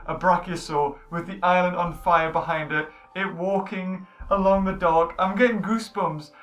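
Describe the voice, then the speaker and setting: A man hosting a casual movie review chat, excitable and tripping over his words. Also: high-pitched, moderate pace. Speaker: channel host. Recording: echoey room, mic at a distance.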